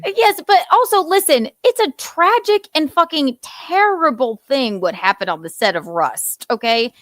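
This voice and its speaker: A woman's voice: high-pitched, animated, measured pace, fairly bright tone, no echo, studio quality. A woman hosting a podcast in casual chat, talking bluntly with heavy swearing. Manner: blunt, profane and heated. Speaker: podcast host.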